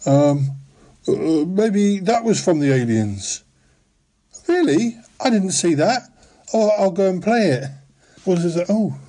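Slow, dithering man hosting a comedy show. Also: high-pitched, animated, warm tone. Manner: fretful, dithering, full of ums and chuckles. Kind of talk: comic radio-style monologue.

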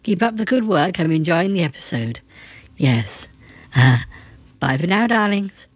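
Man doing a low, slow, gushing lady, flustered, dry mic. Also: expressive, husky, dry recording.

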